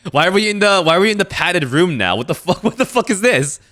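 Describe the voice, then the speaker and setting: A man streaming a video game, giving animated, swear-heavy commentary with frequent reactions. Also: high-pitched, normal speed. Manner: animated, swears and laughs often. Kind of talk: casual let's-play commentary.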